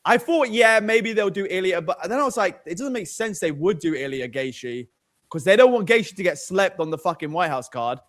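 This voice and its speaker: Animated high-voiced British man. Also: normal speed. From United Kingdom. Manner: animated, profane, laughing often. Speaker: co-host. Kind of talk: casual chat.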